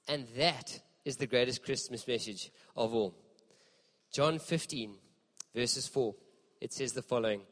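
A man preaching a sermon in a church, impassioned and emphatic, with dramatic pauses. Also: mid-range voice, a bit bright, long reverb tail. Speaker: pastor.

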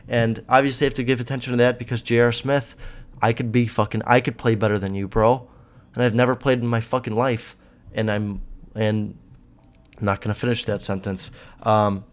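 A young man hosting a solo podcast, talking in a blunt, rambling, profane rant. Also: medium pitch. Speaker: podcast host.

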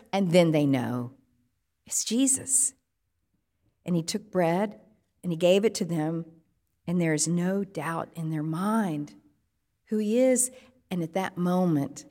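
A woman pastor giving a sermon, measured and reflective, posing strings of rhetorical questions. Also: mid-range voice, warm tone, big-room sound.

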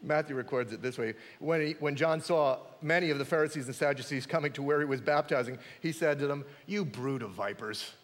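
A man's voice: fairly high pitch, fast, hardly any pauses. A man preaching a sermon as pastor, emphatic and dramatic, acting out the voices in the passages he quotes. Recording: echoey hall.

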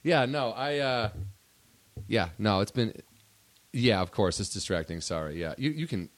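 A man's voice: lowish voice, lively intonation, moderate pace, dry recording. A man co-hosting a podcast in casual, rambling chat that trails off mid-sentence. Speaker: podcast co-host.

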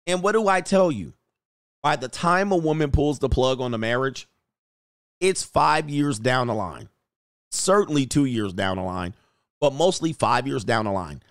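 A livestream host with a medium-pitched voice, recorded dry with studio quality, goes through viewer messages and news. He drawls words for effect and delivers mocking, preachy commentary in a casual way.

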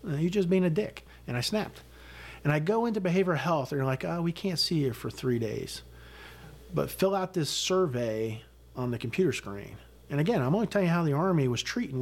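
Blunt, profane middle-aged man telling war stories. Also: a little high. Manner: blunt, profane, animated storyteller acting out quotes. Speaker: guest, retired command sergeant major. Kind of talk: candid storytelling interview.

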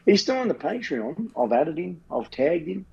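A man's voice: on the high side, sing-song, normal speed, vocal fry, mellow, muffled recording, a little hiss or hum. An Australian man co-hosting a podcast in casual banter, rambling and swearing freely. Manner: rambling, swears freely, often says the co-host's name. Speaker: podcast co-host.

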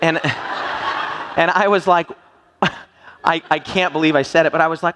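A man's voice: on the high side, steady tone, measured pace, sharp tone. A man preaching a sermon in a church hall, joking and quizzing his listeners with playful questions. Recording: long reverb of a large hall.

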